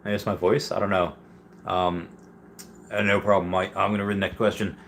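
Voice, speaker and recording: A man's voice: low-pitched, flat delivery, a little fast, gravelly, long pauses, slight background noise. A man hosting a casual livestream, reading viewer questions aloud and answering them with many fillers and restarts.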